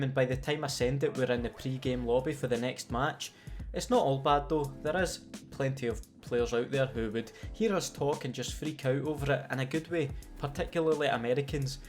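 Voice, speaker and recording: A Scottish man talking in a sardonic, sweary way, with a playful storytelling manner. He sounds like a gaming YouTuber reading a scripted comedic commentary, his pitch sitting in an ordinary middle range. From Scotland.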